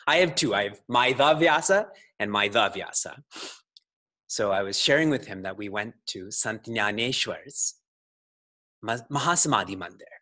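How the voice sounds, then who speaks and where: A man's voice: lowish voice, animated, measured pace, bright, forceful tone. A man, a spiritual teacher, giving a scripture talk to a congregation in a playful way, laughing often and putting questions to his listeners.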